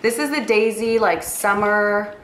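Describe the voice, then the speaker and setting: A woman's voice: mid-range voice, unhurried. Chatty New York woman, echoey room. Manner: gushing, chatty, lots of fillers. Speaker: makeup artist. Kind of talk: casual monthly favorites vlog. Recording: roomy echo with faint noise.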